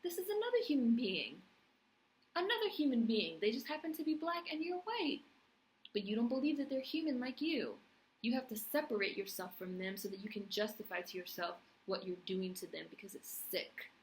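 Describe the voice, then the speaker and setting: A woman's voice: medium pitch, brisk, a little hiss or hum, rough recording. A young woman recapping a TV series on her vlog, passionate and blunt, swearing freely. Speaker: TV review vlogger. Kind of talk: casual recap and commentary.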